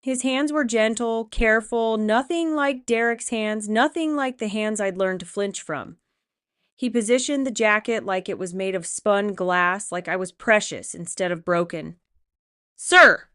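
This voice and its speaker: A woman reading a first-person romance audiobook with steady, expressive storytelling. Her voice is smooth and clear at a middle pitch. The recording is close and dry. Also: normal speed, no echo. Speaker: audiobook narrator.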